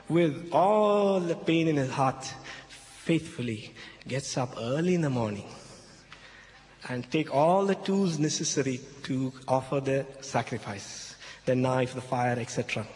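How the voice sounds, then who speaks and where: Speaking a little slowly in a somewhat high, slightly mellow voice, a Christian speaker emphatically explains a Bible passage to an audience in slightly broken English. He repeats his key points and checks in with "okay?", while a large hall gives a long reverb tail over a faint hum.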